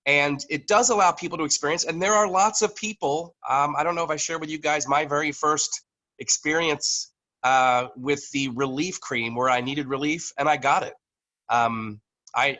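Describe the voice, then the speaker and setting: A man presenting to his team on a video call, halting, with many fillers and restarts, coughing now and then from allergies. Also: mid-range voice, pushed and bright, rough recording. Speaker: network marketing leader presenting to a team. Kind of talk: online business meeting presentation. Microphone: computer microphone on a video call.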